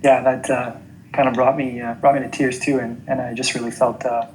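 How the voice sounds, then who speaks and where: A woman on a call, speaking softly and hesitantly with many fillers. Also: rumbling low, little pitch movement, brisk, a little hiss or hum, rough recording. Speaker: podcast guest being read. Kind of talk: casual chat.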